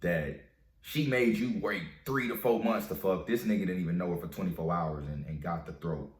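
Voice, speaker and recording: Man, very deep voice, slangy, profane, emphatic, echoey room. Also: moderate pace. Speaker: dating advice vlogger. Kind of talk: casual storytelling and advice monologue. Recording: roomy echo.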